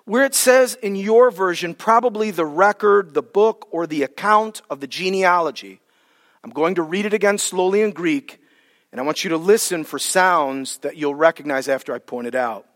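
High-voiced preacher in a reverberant hall. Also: male voice, fairly bright tone. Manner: emphatic preaching, stretching key words slowly. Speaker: pastor. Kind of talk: sermon. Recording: long reverb of a large hall.

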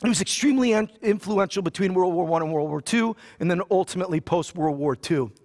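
A pastor with a fairly high voice for a man preaches to his congregation. He reads scripture aloud and then retells it in loose, joking everyday language. His sermon style is conversational, not formal. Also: fast, darkish tone. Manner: casual and joking, with slang asides.

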